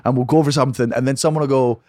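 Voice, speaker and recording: A man guesting on a podcast as a comedian. He talks in quick, emphatic banter, swearing freely. The voice sits at a middle pitch and the recording is close and dry. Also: fairly even intonation, a little mellow, no echo. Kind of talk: casual chat.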